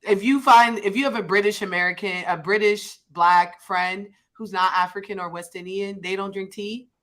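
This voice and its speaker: A woman joins a podcast over a remote call and jokes with the other guests in a teasing, animated way. Her voice is bright and forceful, and her pitch sits in the middle of the range. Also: normal speed. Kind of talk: casual podcast chat.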